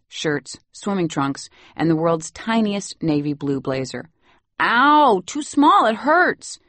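Low-voiced woman narrating, dry. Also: dry recording. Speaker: audiobook narrator. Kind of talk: first-person novel narration.

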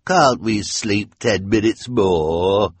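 A man's voice: lowish voice, slow, slightly rough, no echo. A man voicing a lazy, whiny male henchman with a hook for a hand in an audiobook. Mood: whining.

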